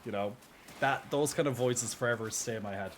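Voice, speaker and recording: A man live-streaming a game, chatting casually and rambling excitedly with lots of fillers and laughter. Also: medium pitch, fairly quick, a little hiss or hum. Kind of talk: casual live-stream chat while gaming.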